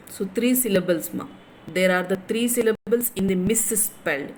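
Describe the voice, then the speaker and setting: Slow-speaking lecturer with a Telugu accent. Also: female voice, medium pitch, slight background noise, poor audio. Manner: slow, repetitive, drawn-out words. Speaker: college English lecturer. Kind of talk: classroom lecture.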